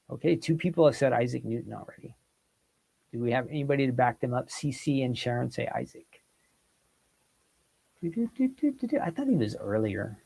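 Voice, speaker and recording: A man's voice: a little high, gravelly. A man hosting a casual quiz on a livestream, reading out viewers' guesses and chatting with them. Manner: animated, reads out viewer comments and guesses. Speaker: host. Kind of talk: casual quiz with live chat.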